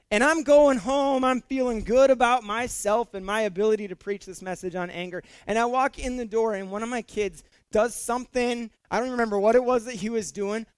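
A man's voice: very high-pitched, clear, resonant tone, dry recording. A middle-aged male pastor preaching a sermon in a conversational way, with fillers and repeated words, rising to emphatic peaks.

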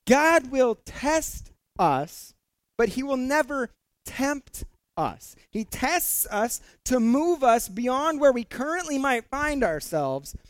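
A man's voice: very high-pitched, very animated, slow pace, no echo. A middle-aged male pastor preaching a sermon in a conversational way, with fillers and repeated words, rising to emphatic peaks.

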